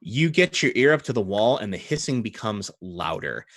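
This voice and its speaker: A man narrating as game master, relaxed and conversational. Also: on the low side, normal speed, no echo, clean studio sound.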